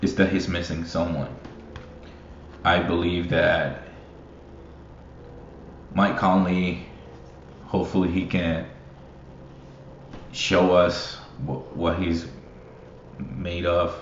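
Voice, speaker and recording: A young man with a very low voice, talking slowly and swearing freely as he rambles. He laughs often between thoughts. The recording sounds roomy and a little muffled. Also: little pitch movement. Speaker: basketball fan. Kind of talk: casual solo commentary. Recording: roomy, muffled, faint hiss.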